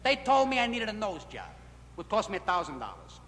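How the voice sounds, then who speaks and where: A man doing a stand-up routine at a nightclub, telling punchy stories in a voice that jumps in pitch and loudness. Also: huge pitch swings, fairly quick. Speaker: stand-up comedian. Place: nightclub stage. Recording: echoey club, scratchy 1960s film audio. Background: audience laughter.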